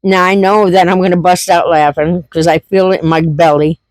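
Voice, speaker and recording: A woman's voice: fairly low pitch, little pitch movement, brisk, a little mellow, no room sound. A middle-aged woman telling a funny story in a casual vlog, laughing through it and repeating herself. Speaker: homestead vlogger.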